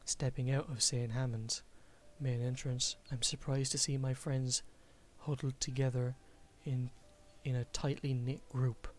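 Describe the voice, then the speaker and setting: Guy reading a visual novel, stumbles a lot, kinda monotone, bit of hiss. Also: medium pitch, measured pace, hardly any pauses. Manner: self-deprecating, stumbles and restarts on words. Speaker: game streamer.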